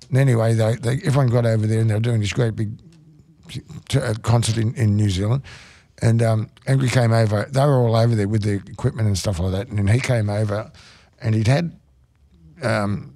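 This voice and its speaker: A middle-aged man with an Australian accent, telling rambling stories on air, halting with many restarts and fillers. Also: lowish voice, warm tone. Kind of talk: casual storytelling on radio.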